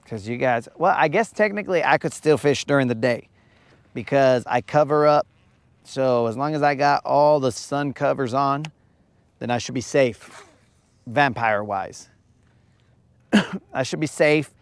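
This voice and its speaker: A man's voice: mid-range voice, a little slow, long pauses, no echo. A man hosting a live fishing stream from a lake at night, chatting casually and joking with his viewers. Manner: joking, rambling, teasing viewers.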